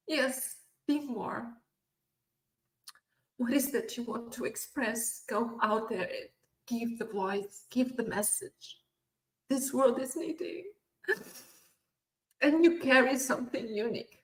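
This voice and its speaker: Woman doing a slow motivational talk, keeps repeating herself and saying yes, echoey room. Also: fairly high pitch. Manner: repetitive, affirming with frequent "yes". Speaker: keynote speaker at a virtual summit. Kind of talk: motivational speech. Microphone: video call. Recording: roomy echo.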